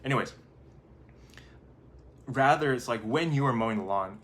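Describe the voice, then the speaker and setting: A man's voice: mid-range voice, animated, normal speed, long pauses, a bit bright, slight background noise. A man, a life coach hosting his own channel, talking casually and rambling a little as he acts out his own thoughts. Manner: conversational, rambling, acts out inner thoughts in quotes. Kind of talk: casual motivational talk to camera.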